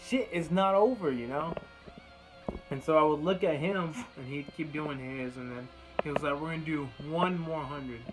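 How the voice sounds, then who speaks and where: A young man with a slightly high voice tells a meandering personal story in loose, casual talk. He swears often and slips into quoting himself and others. Clear music runs behind him the whole time. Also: poor audio. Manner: rambling, profane, retells dialogue in quoted bursts. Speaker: vlogger.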